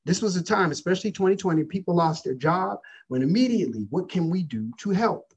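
Husky preacher calling out to congregation. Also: male voice, high voice, expressive, fairly quick, muffled recording. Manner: preaching with call-outs to the congregation. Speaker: pastor. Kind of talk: sermon.

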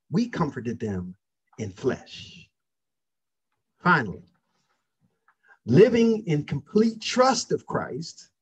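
A man's voice: fairly high pitch, slightly rough. A man preaching a sermon, calling out questions to his congregation. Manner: preaching with call-outs to the congregation. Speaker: pastor.

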